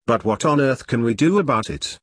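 A man reading the part of a vague, polite, gentlemanly army sergeant. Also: mid-range voice, animated, husky, no room sound, studio quality. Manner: polite, unhurried, mildly evasive.

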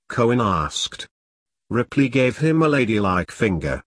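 Man, audiobook narrator, steady storytelling, animated pitch, dry close sound. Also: unhurried, breathy edge, no echo. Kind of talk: scripted narration.

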